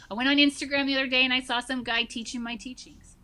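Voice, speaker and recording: A woman in her forties, a guest telling stories in an animated way in casual conversation, with many fillers. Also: high voice, quick pace, few pauses. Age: 40s. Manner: animated storyteller, many fillers like "like" and "you know". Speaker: guest, social emotional learning teacher.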